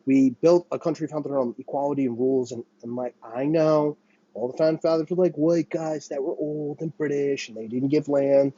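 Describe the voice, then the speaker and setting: A man from the United States rants to camera in a husky, darkish voice, swearing freely and looping back over his own words. The sound is dry and slightly muffled, like a cheap home setup in a small apartment. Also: fairly high pitch, fairly even intonation, normal speed, mellow, no room sound. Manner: profane, rambling, self-interrupting. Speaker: vlogger. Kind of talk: ranting monologue to camera. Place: small apartment with a running window air conditioner.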